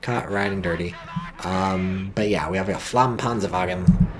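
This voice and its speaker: A man casting a strategy game replay in casual commentary, excitable, swearing freely and exclaiming often. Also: low voice, normal speed, noisy background.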